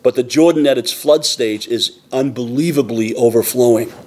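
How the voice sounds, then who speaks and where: A pastor preaching a sermon in a church, earnest and emphatic, repeating phrases for weight. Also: male voice, mid-range voice, moderate pace, darkish tone. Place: church sanctuary.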